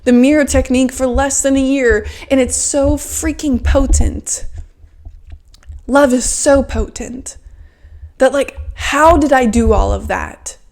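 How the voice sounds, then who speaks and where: A woman's voice: high-pitched, takes it slowly, vocal fry, darkish tone. A woman in her early twenties giving a fervent, emotional self-help monologue as a podcast host, often saying "like" and swearing freely. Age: 20s.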